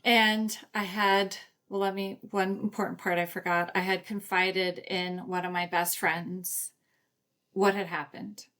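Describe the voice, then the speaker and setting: A woman's voice: medium pitch, flat delivery, a little slow, a bit bright. A woman guest on a podcast, candidly retelling events and acting out quoted dialogue. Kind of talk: casual storytelling interview.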